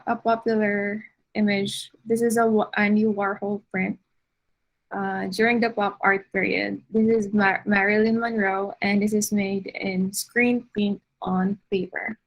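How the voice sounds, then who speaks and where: A woman giving an art lecture over slides, unhurried, with frequent fillers and restarts. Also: medium pitch, steady tone, a bit bright, low-quality recording.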